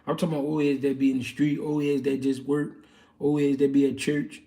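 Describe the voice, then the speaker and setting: A man's voice: mid-range voice, flat delivery, brisk, dark tone, far from the mic. A man hosting a livestream, answering viewer questions in casual, slangy boxing chat with loose street talk and many fillers.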